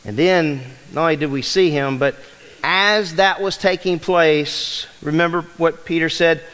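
A man's voice: fairly high pitch, measured pace, fairly bright tone, clean tone. A pastor in his fifties preaching a sermon with emphatic delivery and rhetorical questions to his congregation. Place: church sanctuary. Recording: long reverb of a large hall.

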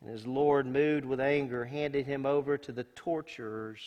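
A senior pastor preaches and reads scripture aloud in a folksy, emphatic style that swings between loud and hushed. His mid-range male voice moves at normal speed with few pauses, and the recording carries a long hall reverb.

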